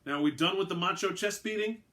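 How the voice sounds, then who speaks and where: A man voicing a sarcastic, wisecracking human astronaut who speaks in quick, dry jabs. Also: high voice, pushed and bright, voice pushed up.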